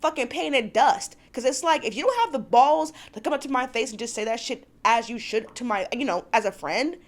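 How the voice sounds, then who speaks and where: Woman venting on a recap vlog, high voice that swoops all over, cusses a lot. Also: animated. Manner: profane, exasperated ranting; acts out cast members' lines in quick voices. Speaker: reality TV recap vlogger. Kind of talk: casual recap and commentary.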